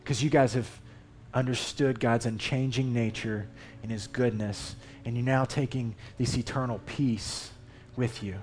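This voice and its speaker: A man preaching a sermon in a conversational, emphatic way, reading Scripture aloud with animated inflection. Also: mid-range voice, a little slow, few pauses, faint music behind. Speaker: lay preacher. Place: church.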